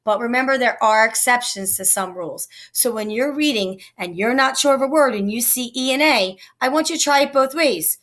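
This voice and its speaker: A woman's voice: on the high side, a little fast, few pauses, a bit bright. A woman teacher giving a recorded phonics lesson to young children, patiently sounding out each word. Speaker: elementary teacher.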